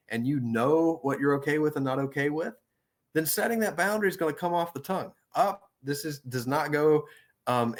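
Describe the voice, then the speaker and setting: A man, a counselor, teaching about setting boundaries in a steady, assertive, deliberate way. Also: on the high side. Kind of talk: instructional talk on boundaries.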